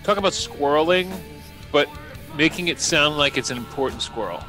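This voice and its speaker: A man with a bright, forceful voice that sits a bit high for a man. He co-hosts a rowdy live show in a loose, chatty way. He tells stories and plays the people in them, with faint music behind him. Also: moderate pace. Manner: animated storyteller, acts out voices in anecdotes. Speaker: co-host. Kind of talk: casual live show banter.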